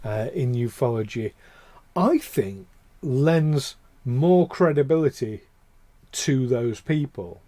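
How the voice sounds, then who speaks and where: A man's voice: medium pitch, expressive, takes it slowly, warm tone, dry recording. A man co-hosting a podcast, talking casually with passion and many fillers and restarts. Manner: impassioned, ranting, lots of fillers and restarts. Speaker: podcast co-host.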